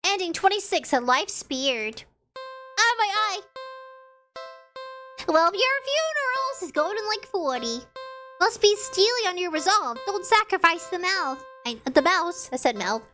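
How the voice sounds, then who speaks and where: A young woman streamer reads a horror game aloud with a high, animated voice that swoops up and down. She takes her time, adding playful commentary and hammy sound effects. Her tone is bright, with soft music behind her. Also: unhurried. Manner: playful, dramatic sound effects and mock narration.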